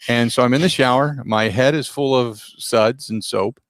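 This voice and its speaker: A middle-aged man, a radio host, telling a story in a casual, animated, self-deprecating way with a gravelly voice. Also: mid-range voice, moderate pace, no echo.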